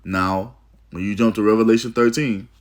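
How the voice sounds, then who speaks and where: A man's voice: fairly low pitch, fairly even intonation, normal speed. A man preaching about prophecy, reading aloud from an article and breaking into emphatic asides, often repeating "you see" and "man.". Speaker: religious teacher.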